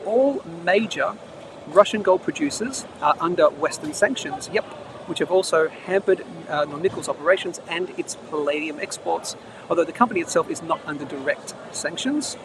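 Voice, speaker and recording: Broadcasting live from beside the road between trains, this animated Australian presenter mixes news reading with chatty remarks on his market show. He speaks a touch high, while steady traffic and street sounds fill the background of the stream.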